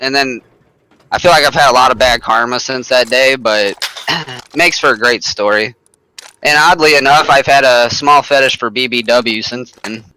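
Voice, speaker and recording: A man's voice: medium pitch, moderate pace, sharp tone, a little hiss or hum, low-quality recording. A young man telling a crude, boastful story over game voice chat, laughing as he goes. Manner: boastful, vulgar, laughing through his story.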